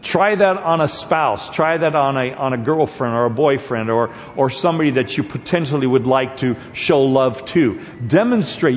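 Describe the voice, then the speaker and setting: A man preaching a sermon in a church, halting with fillers and restarts, then pressing points with repetition. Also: mid-range voice, a little hiss or hum. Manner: grows emphatic and repetitive at points. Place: church sanctuary. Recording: dull lo-fi sound with long hall reverb.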